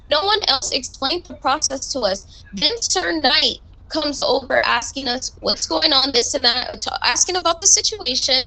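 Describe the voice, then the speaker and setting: A woman's voice: sits high, pushed and bright, poor audio. A woman in a roleplay game voice chat, heatedly complaining and confronting a superior. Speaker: roleplay police recruit. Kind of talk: in-character voice chat, arguing.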